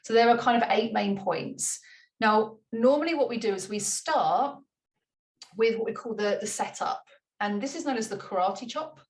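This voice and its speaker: A woman coaching a tapping routine in a chatty, light-hearted way, repeating gentle step-by-step instructions and laughing at herself. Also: a little high, normal speed. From United Kingdom. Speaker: money mindset coach. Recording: roomy room, mic at a distance.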